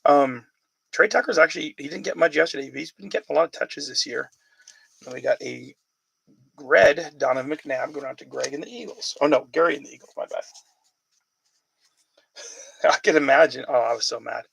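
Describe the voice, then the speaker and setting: Casual male card-break host, gravelly and a bit husky, rattling off player names between chatty asides. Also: on the high side, normal speed, pauses often, fairly bright tone, rough recording. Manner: chatty, calls out player names while reading questions from viewers.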